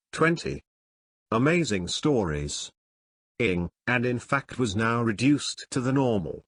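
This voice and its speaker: A man narrating a classic adventure novel in a measured, expressive reading. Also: medium pitch, husky, no room sound, clean studio sound. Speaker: audiobook narrator. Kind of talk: scripted narration.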